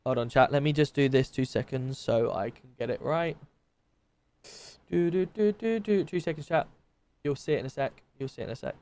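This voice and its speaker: A man's voice: medium pitch, quick pace, a little mellow. A man with a British accent casually commenting on game footage for his stream chat, thinking aloud with plenty of ums and restarts.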